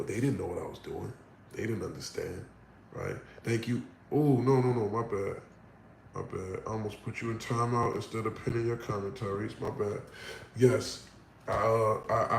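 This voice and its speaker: A man from Texas telling stories casually to his livestream audience on a phone, dropping to low mutters and then rising into loud, excited bursts. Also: vocal fry, slight background noise. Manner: animated, swings between mumbling low and loud excited bursts. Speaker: livestream host.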